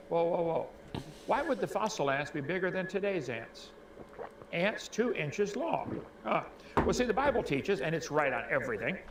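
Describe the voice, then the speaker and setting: A man reading out facts and asking folksy rhetorical questions, clearing his throat now and then, played back as a clip. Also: high voice. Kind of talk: reading and commenting on a creationist video. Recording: echoey clip with faint ambient noise.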